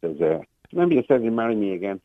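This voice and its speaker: A man's voice: fairly low pitch, sing-song, very fast, no echo. An Irish man in his sixties calling a radio show, rambling through a long story and acting out the voices of the people in it. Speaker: caller. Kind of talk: phone-in storytelling. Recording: muffled phone line.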